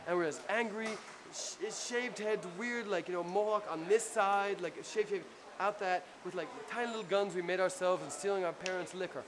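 Profane New Jersey punk singer telling a story. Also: male voice, high voice, moderate pace, few pauses, crowd noise. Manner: profane, rambling, animated anecdote with acted-out quotes. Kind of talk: casual storytelling. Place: crowded club after a show. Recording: noisy live club recording.

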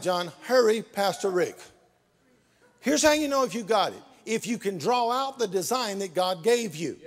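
High, animated shouting preacher. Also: male voice, moderate pace, breathy edge. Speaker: pastor. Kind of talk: sermon. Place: church sanctuary. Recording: reverberant church hall.

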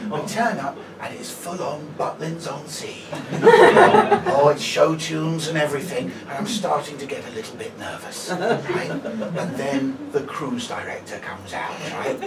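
Man doing stand-up, lively high voice, echoey room from far off. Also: unhurried, over a noisy crowd. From Brighton, England. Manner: chatty, tags lines with 'right?'. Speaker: stand-up comedian. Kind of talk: stand-up comedy set. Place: comedy venue. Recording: echoey live venue, distant mic, audience noise.

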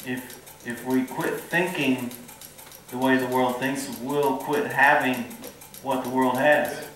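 A man's voice: mid-range voice, steady tone, takes it slowly, fairly bright tone. A man preaching a sermon in a folksy, earnest way and drawing responses from the congregation. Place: church hall. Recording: echoey hall from far off.

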